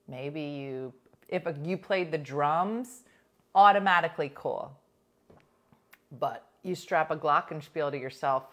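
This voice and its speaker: A woman co-hosting a talk show, telling stories in casual chat with lots of "like". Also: on the low side. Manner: animated storytelling, heavy use of "like".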